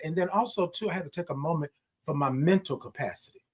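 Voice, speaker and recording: Animated high-voiced man hosting a morning chat. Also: fast, husky. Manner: animated, preacher-like, repeats phrases. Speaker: host. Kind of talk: live morning show chat reading comments.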